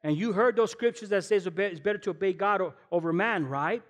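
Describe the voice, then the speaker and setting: A man preaching as a guest pastor, animated and emphatic, firing rhetorical questions and slipping in casual slang. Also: sits high, brisk. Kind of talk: sermon. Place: church sanctuary. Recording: long hall reverb in a church.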